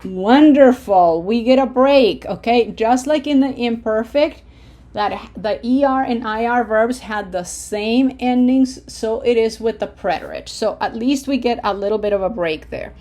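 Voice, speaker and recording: A woman teaching a language lesson, modeling words slowly for repetition and checking in with frequent "okay?". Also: a little high, warm tone. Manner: patient, drawn-out model phrases for repetition. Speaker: Spanish teacher. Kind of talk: slow pronunciation lesson.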